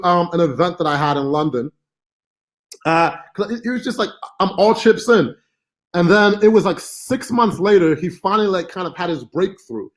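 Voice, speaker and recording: A man hosting a live-stream marketing class, talking casually with many fillers and asides. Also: high voice. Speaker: online marketing course host.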